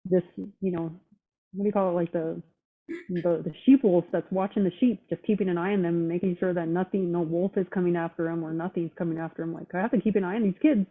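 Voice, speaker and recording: A woman's voice: on the low side, fairly even intonation, fast talker. Woman on a tinny phone line. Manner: blunt, profane, fired-up talk. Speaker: roundtable guest. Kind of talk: casual chat.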